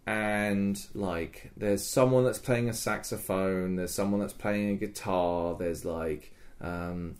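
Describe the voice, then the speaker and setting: A man's voice: fairly low pitch, takes it slowly. A man co-hosting a podcast, chatting casually and acting out remembered conversations with animation. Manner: animated, acts out quoted dialogue in conversation. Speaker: podcast co-host. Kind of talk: casual chat about a live-action roleplay event.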